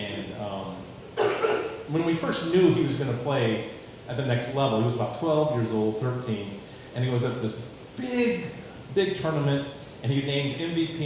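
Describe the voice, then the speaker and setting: A man in his forties doing a stand-up comedy set, with a dry, self-mocking delivery and dark punchlines. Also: mid-range voice, background noise. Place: comedy stage before a live audience. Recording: very echoey live room.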